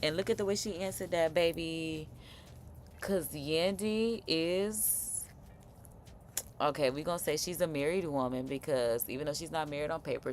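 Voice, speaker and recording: A woman with a lowish voice chats casually as she reacts on a livestream. She talks in an expressive, slang-heavy way, and faint room sound sits behind her. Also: normal speed, a little hiss or hum. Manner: chatty and expressive, slang-heavy, frequent laughs.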